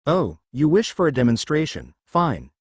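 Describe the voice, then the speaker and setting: A man's voice: a little high, wildly swooping pitch, normal speed, darkish tone, slightly rough, dry recording, exaggerated voice. A man voicing a proud, lecturing mutant leader in a story reading. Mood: haughty.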